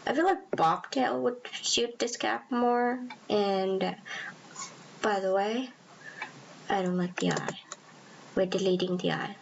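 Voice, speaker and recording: A woman chats her way through a sketch in a slow, meandering drawing tutorial, rambling and poking fun at herself. Her pitch sits in a middle range for a woman. The recording is a little muffled and lo-fi, with faint background noise. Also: fairly even intonation, gravelly. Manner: rambling, chatty, self-deprecating. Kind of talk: casual drawing commentary. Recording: slightly dull lo-fi recording.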